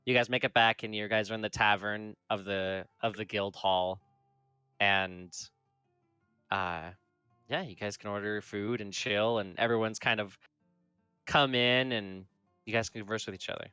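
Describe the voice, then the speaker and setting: A man narrating a tabletop game as game master, rambling with lots of fillers and slipping into quick character quotes. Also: on the low side, steady tone, bright, forceful tone, clean tone, no room sound, soft background music. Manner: rambling, full of fillers like "like" and "kinda".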